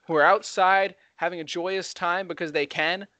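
A young man co-hosting a heated casual debate, talking fast and getting excited as he argues. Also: high voice, no echo, lo-fi sound. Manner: fast, excitable, rising when worked up. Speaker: co-host.

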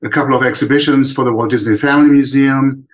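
Older man with a German accent, casual interview guest, mid pitch, stops and restarts a lot. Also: fairly even intonation, fast, rough recording. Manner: thoughtful, many restarts and fillers. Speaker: animator guest.

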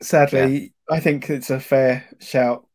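A man's voice: medium pitch, fairly even intonation, slow, darkish tone. A man co-hosting a podcast in casual chat, enthusiastic and apologetic, rambling through anecdotes. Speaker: podcast co-host.

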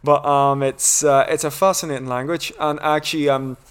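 A man's voice: on the high side, flat delivery, moderate pace, fairly bright tone, clear, resonant tone. Northern Irish man telling rambling stories. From Northern Ireland. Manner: rambling, chatty storytelling with a lecturing streak. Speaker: podcast guest, archaeologist. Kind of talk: casual conversation.

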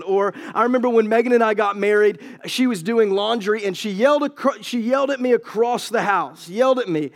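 A man with a notably high voice delivers a sermon. He chats through anecdotes in an easy way, then presses scripture with rising force. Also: a little fast, hardly any pauses. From United States. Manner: storytelling, building to emphatic preaching. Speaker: pastor.

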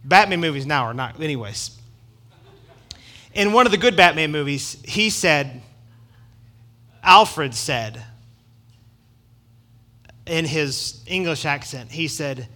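A man's voice: a little high, lively intonation, slow pace, long pauses, bright, forceful tone. A middle-aged man preaching a sermon in an emphatic, conversational way, with asides to the congregation. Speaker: pastor.

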